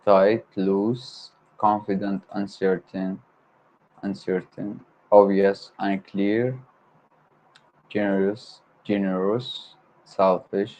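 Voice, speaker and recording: Slow, low-voiced man drilling words. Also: a little mellow. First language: Arabic. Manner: repeats vocabulary words slowly, one at a time. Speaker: language learner on a livestream. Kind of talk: slow self-study word drill. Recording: dull lo-fi home stream with faint noise.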